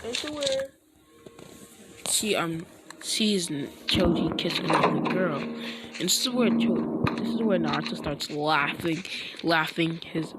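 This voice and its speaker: A woman rambling through a fan-story retelling, halting often and mixing up names. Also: low-pitched, loud music behind the voice, low-quality recording. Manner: halting, full of restarts and name mix-ups. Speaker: storyteller vlogger. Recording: loud background noise.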